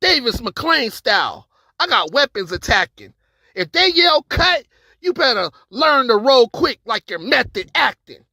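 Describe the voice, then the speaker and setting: A man's voice: extremely high pitch, sing-song, measured pace, sharp tone, no room sound. Aggressive man spitting battle bars. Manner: aggressive, taunting delivery. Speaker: battle rapper. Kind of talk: battle rap verse.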